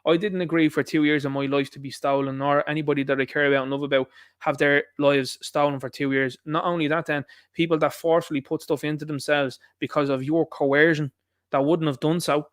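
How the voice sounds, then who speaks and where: Irish male stream host, rapid indignant rant, slightly high voice, dry close sound. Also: level tone, no echo. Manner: indignant ranting with rhetorical questions. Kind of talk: opinionated political monologue.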